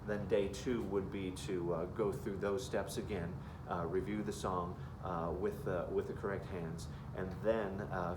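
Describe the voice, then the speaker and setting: A low-voiced man walks through a classroom parachute activity in a halting way, full of fillers, now and then calling out or singing cues loudly. He sounds set back from the mic in an echoey room with faint background noise. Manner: demonstrating with sudden loud sung and called-out cues. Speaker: music teacher. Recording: roomy echo from a distance.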